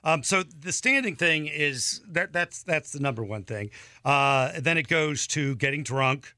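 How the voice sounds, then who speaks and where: A man's voice: a little high, expressive, unhurried, sharp tone, no echo, studio quality. A man co-hosting a podcast in casual chat, who often acts out the voices of the people in his stories. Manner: chatty, acts out quoted voices. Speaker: podcast co-host.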